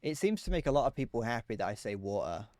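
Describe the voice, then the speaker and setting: A man's voice: medium pitch, sing-song, quick pace, darkish tone, dry recording. A man chatting casually on a live stream while gaming, rambling, joking and answering chat messages.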